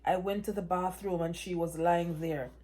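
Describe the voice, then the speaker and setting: A woman reading aloud voices a grieving man who haltingly tells terrible news. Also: fairly low pitch, steady tone, mellow, lightly acted. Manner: halting, heavy with pain. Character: grieving man breaking bad news, sobbing.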